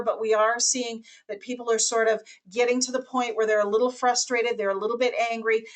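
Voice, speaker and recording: A woman presenting a webinar, speaking in an animated way and acting out the voices of the people she quotes. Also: on the high side.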